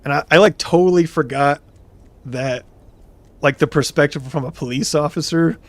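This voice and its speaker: A man's voice: a little high, moderate pace, no echo. A young man streaming, telling a story casually and reading chat comments aloud, laughing now and then.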